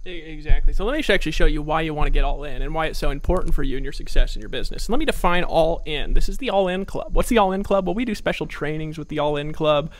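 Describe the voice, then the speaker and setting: A man's voice: on the high side, fast, few pauses, slight background noise. A man giving a sales training talk with lots of energy, acting out his old phone calls. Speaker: network marketing trainer.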